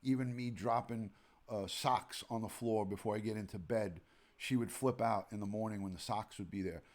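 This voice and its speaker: Chatting casually on his rambling late-night live stream from home, a retired detective in his forties greets viewers by name. He has a New York accent and a lowish, darkish voice at a moderate pace.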